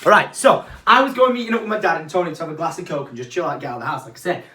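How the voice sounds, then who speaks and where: A young man vlogging from England, acting out the people in his story with lots of swearing. His voice sits high and he talks very fast, full of energy. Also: background noise. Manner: animated, swears freely, acts out quotes. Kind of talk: storytelling vlog.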